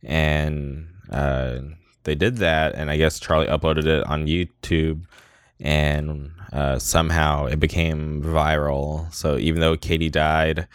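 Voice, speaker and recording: A man's voice: rumbling low, flat delivery, slow pace, smooth, no echo, clean studio sound. A man hosting a podcast, casually recapping a movie and rambling with lots of "like" and "um". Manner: rambling, heavy use of "like" and "um". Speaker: podcast host.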